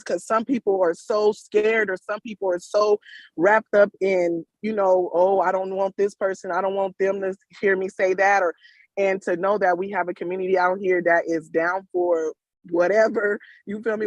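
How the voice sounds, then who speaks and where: A woman's voice: mid-range voice, normal speed, no echo. A woman, calling in on a video call from work, giving an emotional, rambling thank-you. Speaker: caller. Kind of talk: casual testimony on a video call.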